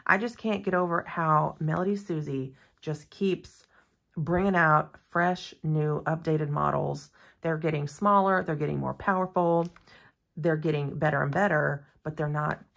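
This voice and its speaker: A woman's voice: deep voice, fairly even intonation, unhurried, gravelly, fairly bright tone. A woman doing a casual unboxing review of nail gear, chatty and gushing, with rambling asides. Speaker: nail content creator reviewing a product.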